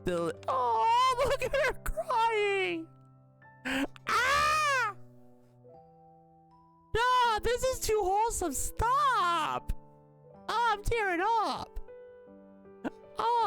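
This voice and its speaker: A woman streamer reacting live to a game with squealing, excited exclamations. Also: very high-pitched, very slow, creaky, long pauses, faint music behind.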